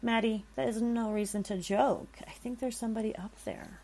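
A woman's voice: a little high, fairly even intonation, normal speed, dark tone, voice pushed up. Woman reading as a frightened young man. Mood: fearful pleading.

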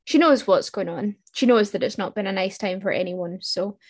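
A woman's voice: mid-range voice, moderate pace. A woman co-hosting a podcast, talking through a TV show in casual chat with thoughtful restarts. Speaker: podcast co-host.

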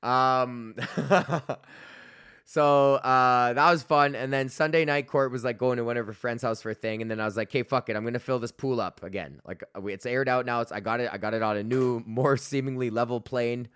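A man's voice: medium pitch, steady tone, normal speed, fairly bright tone, smooth, dry recording, clean studio sound. A young man hosting a podcast, telling a rambling, profane story full of fillers and laughing at himself. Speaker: podcast host. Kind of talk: casual storytelling rant.

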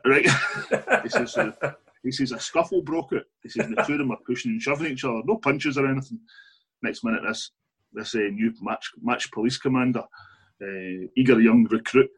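A man's voice: medium pitch, expressive, fairly quick, slightly rough, low-quality recording. A Scottish man, an author being interviewed, telling long anecdotes in a chatty way, laughing often and restarting his sentences. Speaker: author and guest. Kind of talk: casual interview storytelling.

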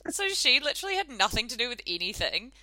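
A woman's voice: a little high, very animated, fast talker, sharp tone, no echo. A young woman co-hosting a podcast, telling stories in casual, sarcastic chat. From New Zealand. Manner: chatty, sarcastic storytelling. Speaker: podcast co-host.

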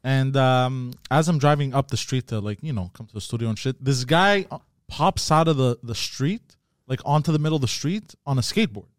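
A man co-hosting a podcast, telling a heated story with lots of swearing and shouted quotes. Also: medium pitch, fairly quick, dry recording, studio quality. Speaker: podcast co-host. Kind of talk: casual storytelling chat.

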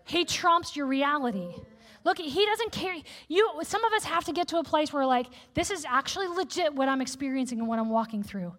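A woman preacher giving a sermon in a candid, conversational, animated way. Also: sits high, fairly quick. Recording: echoey hall with long reverb.

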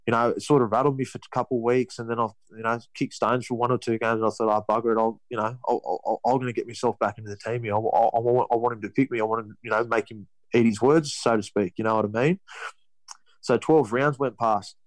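Australian man, young, fast talker, dry close sound, rambling, lots of restarts. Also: medium pitch, fairly even intonation, no echo, poor audio. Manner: rambling with many restarts and "you know". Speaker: guest, rugby league player. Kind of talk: casual storytelling interview.

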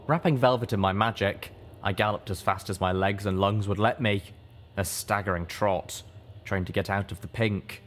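A man narrating an audiobook in a measured, steady reading voice. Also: lowish voice, slight background noise. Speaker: audiobook reader.

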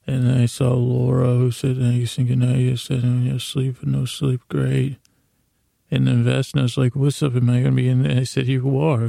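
A man with a deeply gravelly, fry-laden voice wanders through a bedtime ramble for sleepers. His tone is dark and mellow, and his delivery stays flat and low-key. The sound is close and completely dry. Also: no echo. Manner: low-key, meandering, deliberately dull. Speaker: sleep podcast host.

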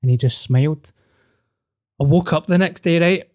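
A man's voice: fairly high pitch, moderate pace. Sweary man telling a story. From Scotland. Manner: sweary, animated storyteller acting out dialogue. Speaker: podcast co-host. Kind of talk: casual storytelling chat.

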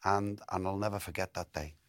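A man's voice: sits low, steady tone, a little fast, no echo, studio quality. An older man, telling football stories in an interview, often repeating and restarting words. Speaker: interview guest, former footballer. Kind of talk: relaxed storytelling interview.

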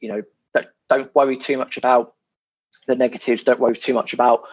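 A man's voice: mid-range voice, level tone, a little fast, slightly rough. A man, a guest on a podcast, chatting casually and animatedly about property, swearing now and then and repeating his words. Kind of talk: casual interview chat. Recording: dull lo-fi sound.

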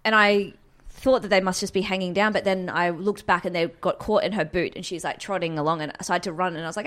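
A woman's voice: fairly low pitch, fairly even intonation, fast, hardly any pauses, a bit bright. A woman comedian, chatting casually and swearing freely as she tells a story. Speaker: comedian guest. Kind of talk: casual chat.

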